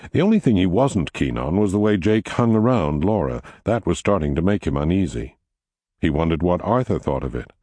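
Man, audiobook narration, low voice, lively pitch, measured, close dry mic. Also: breathy edge, no echo. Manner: measured storytelling with expressive pitch. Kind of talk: scripted narration.

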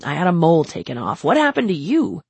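A brash older man fusses over someone in a brisk, bossy, affectionate way. A woman reads him for an audiobook in a low, husky, gravelly voice with dry close sound. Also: sing-song, darkish tone, no room sound, exaggerated voice.

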